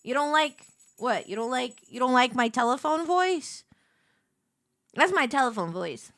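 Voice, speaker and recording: A woman streamer chatting casually while playing a game, telling stories in an animated way. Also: high voice, measured pace, dry recording, studio quality. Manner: animated storytelling with laughs. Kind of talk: casual chat while gaming.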